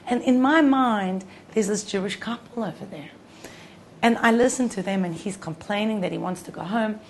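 A woman's voice: medium pitch, normal speed, a little mellow, slight background noise. A woman teaching Torah to a group, telling a personal story in a conversational way with frequent restarts.

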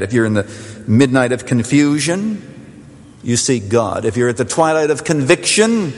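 A man preaching a sermon as pastor, emphatic, with dramatic pauses and repeated words. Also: medium pitch, vocal fry, a little mellow, big-room sound.

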